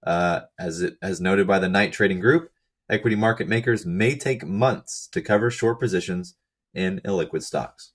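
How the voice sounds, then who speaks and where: A man with a hoarse, fading voice walks methodically through slides of a research paper, reading out lists and figures with brief asides. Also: low-pitched, normal speed. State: hoarse, losing his voice. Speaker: channel host explaining research.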